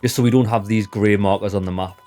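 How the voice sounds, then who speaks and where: A man's voice: fairly low pitch, steady tone, fast talker, warm tone, soft background music. A man giving chatty, joking commentary while he plays a video game for his channel. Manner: chatty, joking, addresses viewers as lads. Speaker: gaming channel host. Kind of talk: casual gameplay commentary.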